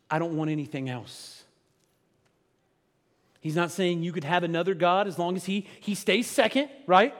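High-voiced man preaching in a big hall. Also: animated, moderate pace. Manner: conversational preaching, swings from hushed to loud; teasing asides to the congregation. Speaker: pastor. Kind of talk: sermon. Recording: long hall reverb.

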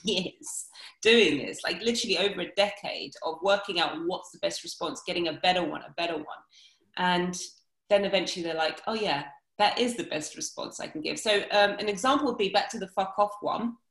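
A woman's voice: fairly low pitch, fairly bright tone, echoey room, poor audio. A woman working as a dating coach, talking animatedly in a casual podcast conversation.

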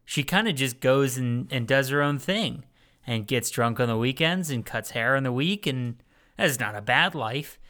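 A man's voice: mid-range voice, animated, moderate pace, sharp tone. A man co-hosting a podcast, talking through a movie in a rambling, jokey way with crude asides. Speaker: podcast co-host. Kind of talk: casual movie-review chat.

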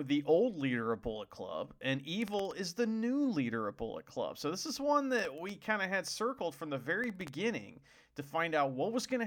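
Guy co-hosting a wrestling podcast, kinda high voice, gets excited and cusses. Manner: excitable, swears, laughs often. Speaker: podcast co-host. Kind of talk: casual wrestling podcast chat.

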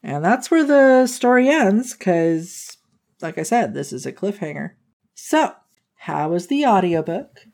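A woman hosting a book podcast, recapping a plot in a casual, animated way and laughing often. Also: medium pitch, a little slow.

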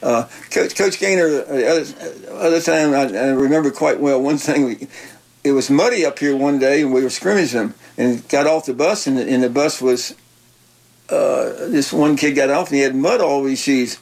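An older man, a retired football coach telling stories in a halting, folksy way, often repeating words. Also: medium pitch, gravelly, a little mellow, low-quality recording. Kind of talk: casual interview chat.

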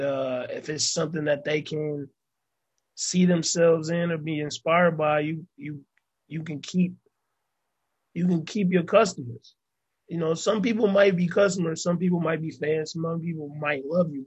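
A young man with a husky, slightly high voice chats as an interview guest. He is laid-back and slangy, and he leans on fillers between thoughts. His talk stays loose and unhurried. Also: steady tone, muffled recording. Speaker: musician and actor guest.

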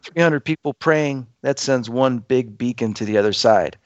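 A man's voice: mid-range voice, moderate pace, dry recording, highs cut off. A man telling a dramatic personal story to listeners, acting out the quoted voices as he goes. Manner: acts out quoted voices, lively and emphatic.

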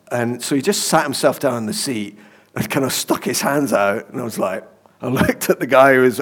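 A man's voice: medium pitch, fairly quick. A man preaching in a conversational way, telling personal stories with fillers and chuckles.

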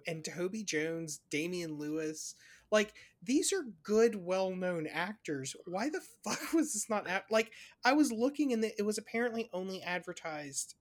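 A lively podcast co-host whose pitch swings up and down a lot. The talk is casual and animated, with swearing and long lists of examples tossed into the chat. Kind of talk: casual chat reviewing movies.

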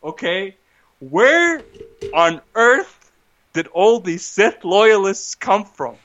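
Male podcast co-host, agitated ranter, bright edge, muffled home-recorded sound. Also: high voice, very animated, extremely slow. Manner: agitated, restarts, rhetorical "right?". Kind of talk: casual film rant.

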